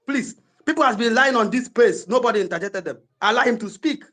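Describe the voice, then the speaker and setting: Nigerian male host, high and quick, stern referee of an online debate. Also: a bit bright. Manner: insistent, cuts in with repeated no's. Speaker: host moderating a live audio debate. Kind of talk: heated moderating.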